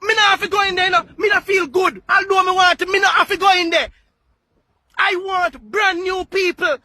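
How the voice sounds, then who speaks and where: Fiery high-voiced Jamaican man ranting. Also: steady tone, fast talker. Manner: fiery, often shouting, repeats words for emphasis. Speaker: political activist. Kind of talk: impassioned political rant.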